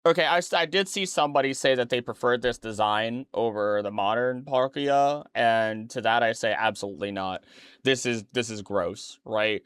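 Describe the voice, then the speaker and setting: A man's voice: mid-range voice, normal speed, fairly bright tone, clean tone, no echo. Brief: tired man, casual rambling reaction commentary, close dry mic, mid-range voice. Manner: rambling, self-correcting, chatty asides. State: tired, yawning late at night. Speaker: streamer reacting to a documentary.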